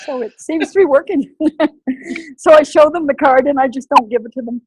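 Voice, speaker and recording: A woman's voice: high voice, brisk, a little mellow, dry recording, poor audio. A woman sharing on a video call while weepy, laughing through tears and apologizing for crying. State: tearful, weepy. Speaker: group call participant.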